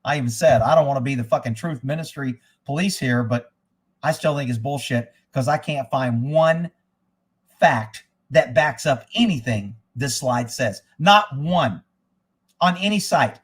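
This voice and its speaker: A man's voice: mid-range voice, measured pace, husky. A man hosting a live stream, talking in a blunt, profane, rambling way from indoors at his rural home. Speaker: livestream host. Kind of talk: casual rambling livestream talk.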